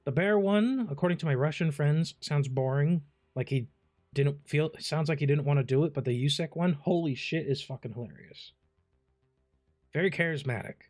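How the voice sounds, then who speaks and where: Profane, animated male gaming streamer. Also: fairly high pitch, normal speed. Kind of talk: casual gameplay commentary.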